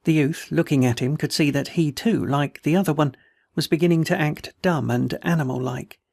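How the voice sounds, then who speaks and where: A man reading a novel aloud in a steady, measured narration. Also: fairly high pitch, vocal fry, no room sound, studio quality. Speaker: audiobook reader. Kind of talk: scripted narration.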